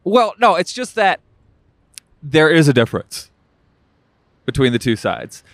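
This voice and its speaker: A man's voice: a little high, very animated, measured pace, dry recording, studio quality. A man co-hosting a podcast, joking sarcastically and laughing often in casual talk. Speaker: podcast co-host. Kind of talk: casual political chat.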